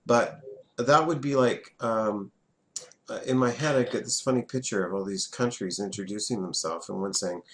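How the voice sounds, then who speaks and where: A man's voice: fairly low pitch, fairly even intonation, a little fast, fairly bright tone. Man, French teacher, classroom, casual and chatty. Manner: chatty, repeats words for students to echo.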